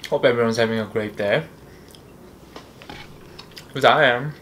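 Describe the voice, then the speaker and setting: A man's voice: mid-range voice, a little slow, fairly bright tone, slight background noise. A man hosting an eating show, chatting casually and rambling a little between bites at a table. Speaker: mukbang host.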